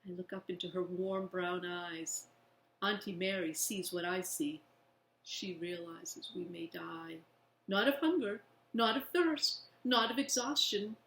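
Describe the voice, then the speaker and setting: A woman reading a children's book aloud in a slow, expressive way. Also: fairly low pitch, a little hiss or hum. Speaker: reader. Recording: echoey room.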